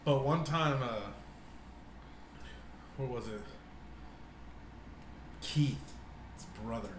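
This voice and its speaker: A man's voice: medium pitch, extremely slow. A young man co-hosting a podcast, telling stories in a rambling, swear-filled way and acting out what people said. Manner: rambling storyteller, swears a lot, acts out quotes. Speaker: podcast co-host. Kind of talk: casual chat. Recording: echoey room with faint noise.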